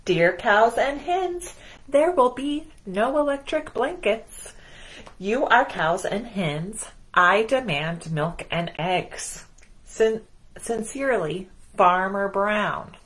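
A woman voicing a grumpy, stubborn farmer who bursts out in loud indignation, for a children's storybook. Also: mid-range voice, expressive, slow pace. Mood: stern.

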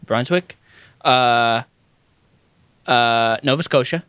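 A young man co-hosts a podcast in playful, casual chat. His pitch swings widely and his voice sounds dry and close. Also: normal speed, dry recording. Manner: lively, playful, slips into jokey voices. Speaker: podcast co-host.

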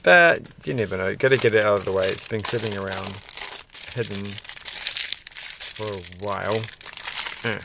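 A man's voice: lowish voice, a little slow, gravelly, long pauses, noisy background. A man casually rambling and musing aloud as he builds a toy set, mildly self-deprecating.

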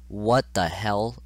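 A man's voice: fairly low pitch, fairly bright tone, dry recording. A young man commenting on his own gameplay, exclaiming and getting frustrated as he talks to the game. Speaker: gaming channel host. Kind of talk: let's play commentary.

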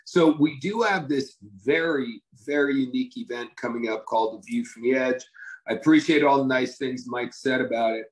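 A man's voice: mid-range voice, normal speed, poor audio. Enthusiastic male company leader. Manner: enthusiastic storyteller, conversational. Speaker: company leader addressing his team. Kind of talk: motivational talk.

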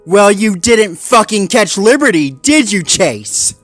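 Bitter young rescue dog for a dark storybook reading, voiced by a man, raised voice, growling and blunt. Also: high-pitched, lively intonation, normal speed, no echo, soft background music, voice pushed up.

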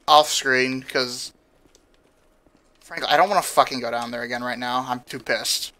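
A man's voice: mid-range voice, normal speed, bright, forceful tone. A man hosting a gameplay video, reading item lore aloud and then cursing in exasperated rants at the game. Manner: profane, exasperated ranting. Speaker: gaming channel host.

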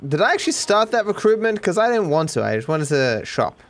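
An Australian man livestreaming a video game, joking deadpan as he plays. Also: sits high, brisk. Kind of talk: casual game commentary.

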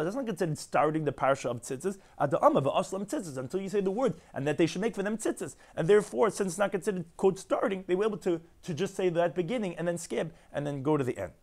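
Rapid-fire rabbi teaching Talmud. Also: male voice, a little high. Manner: rapid explanatory delivery, reads and translates text line by line. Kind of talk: daily Talmud lesson.

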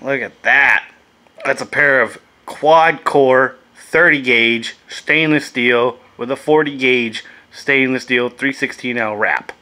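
A man's voice: mid-range voice, takes it slowly, sharp tone. A laid-back man chatting casually and swearing as he reviews vape gear in a vlog, coughing now and then.

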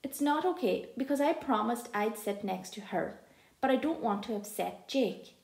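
A woman's voice: a little high, normal speed, creaky. Woman narrating an audiobook expressively. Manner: expressive, lively storytelling. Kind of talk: first-person audiobook narration. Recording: echoey room.

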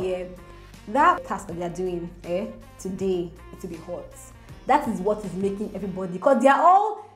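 A woman, chatting excitedly as a gossip vlogger to her viewers. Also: mid-range voice. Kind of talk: casual gossip commentary to viewers. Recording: roomy echo with faint music.

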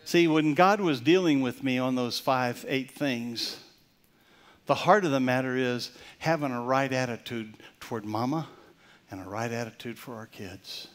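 An older male pastor delivers a Father's Day sermon, swinging from loud, emphatic points to soft storytelling that's nearly a whisper. His voice is medium-pitched and unhurried.

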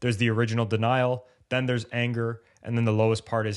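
A man with a mid-pitched voice talks casually on a podcast about coming back from sports injuries. He speaks in animated bursts and acts out the inner voices of injured athletes. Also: brisk, clear, resonant tone. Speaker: podcast co-host and injury recovery coach.

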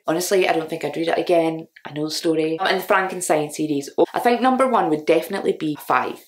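A young woman with a slightly low voice gives a casual, chatty book review. She rambles and gushes, with lots of filler words between her thoughts. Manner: rambling, frequent "like" fillers, gushing. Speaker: vlogger reviewing books.

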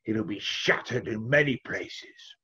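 A man voicing an old bearded wise man who speaks in slow, grave pronouncements in a folk tale. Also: fairly low pitch, bright, forceful tone, husky, muffled recording, exaggerated voice. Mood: solemn.

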